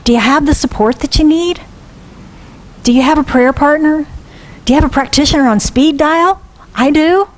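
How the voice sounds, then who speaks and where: A woman's voice: high-pitched, normal speed, long pauses, rough recording. A woman minister giving a sermon, asking earnest questions and repeating them for emphasis. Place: church sanctuary.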